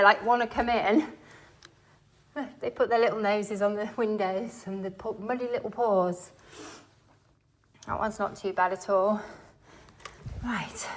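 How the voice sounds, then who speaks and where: A woman chatting casually to the camera while she cleans her home, thinking aloud and poking fun at herself, recorded on a phone strapped to her chest. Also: a little high. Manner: chatty, thinks aloud, self-mocking asides. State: slightly out of breath. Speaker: cleaning vlogger. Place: home, indoors. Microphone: phone worn on a chest harness.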